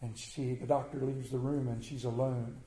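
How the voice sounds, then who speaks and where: A man preaching a sermon as a folksy, plainspoken storyteller who swings between loud and hushed delivery. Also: medium pitch, flat delivery, normal speed. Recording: echoey room.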